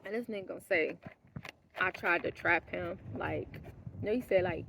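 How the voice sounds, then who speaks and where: A woman vlogger telling a personal story in a casual monologue, blunt and profane, dropping to hushed asides and then rising into heated outbursts, laughing now and then. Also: on the low side, normal speed, gravelly, heavy background noise. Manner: laughs mid-sentence.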